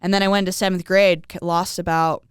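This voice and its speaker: A young woman speaks in a pitch a little lower than most women's. Her voice is very smooth and clean. The recording is dry and close. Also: a little fast, no echo. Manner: animated, acts out quoted voices, frequent "like". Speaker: guest. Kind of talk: casual conversational storytelling.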